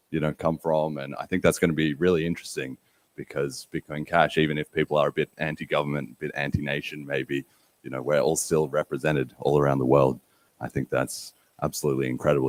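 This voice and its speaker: A man with a deep, low voice emcees a live conference from the stage. He tells a chatty story to the audience, full of loose fillers and restarts. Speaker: podcast host and event MC. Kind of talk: live conference opening talk. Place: event stage before an audience.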